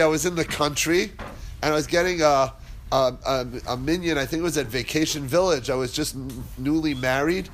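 A man with a somewhat high voice gives a relaxed Torah class. He talks in a chatty, wandering way and breaks into laughter as he tells stories. A faint background noise sits under his voice. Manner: chatty, digressive, laughs while telling stories. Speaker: Torah teacher. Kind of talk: casual Torah class with storytelling.

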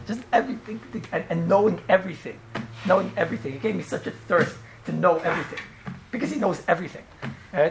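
Fast-talking man a gravelly voice. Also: fairly high pitch, noisy background. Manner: animated, repeats himself, frequent "right?" and restarts. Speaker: storyteller recalling a rabbi. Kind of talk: casual storytelling chat.

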